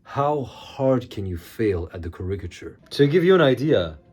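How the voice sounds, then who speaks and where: A man's voice: medium pitch, big pitch swings, moderate pace, darkish tone, slightly rough. An Iranian man hosting his channel, giving sarcastic, impassioned commentary to camera. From Iran. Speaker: channel host.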